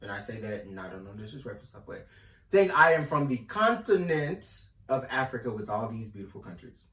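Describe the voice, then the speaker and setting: A man tells stories in a casual chat, his pitch swinging up and down. He sounds roomy and a little distant from the mic. He speaks with lively asides. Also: fairly quick, a little hiss or hum. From North Carolina, US. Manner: animated storyteller, lively asides. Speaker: podcast co-host. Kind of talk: casual discussion.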